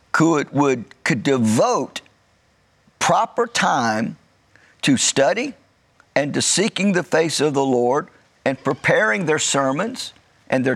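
A man preaching a sermon in a measured way, stretching out key words for emphasis and adding light joking asides. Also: fairly high pitch, creaky. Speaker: pastor.

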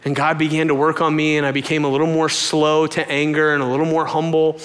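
Lively young man preaching in a hall. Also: fast. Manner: animated storytelling, voices quoted lines in a much higher pitch. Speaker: pastor. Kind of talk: sermon. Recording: long hall reverb.

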